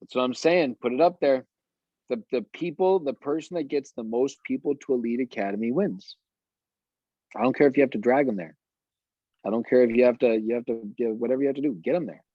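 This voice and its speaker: A man's voice: mid-range voice, a little fast, no echo, highs cut off. A man coaching a sales team on a video call, talking eagerly and rambling with lots of fillers.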